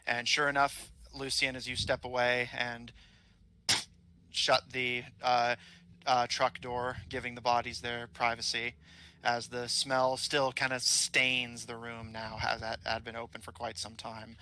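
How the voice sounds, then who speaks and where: A man's voice: mid-range voice, monotone, a little slow, sharp tone. A man narrating a tabletop game as game master, rambling along with many ums and uhs.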